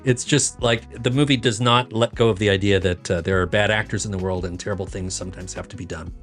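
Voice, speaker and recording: A man's voice: on the low side, steady tone, quick pace, a bit bright, soft background music. A man as a podcast guest, giving a wry, blunt take on a film and swearing casually.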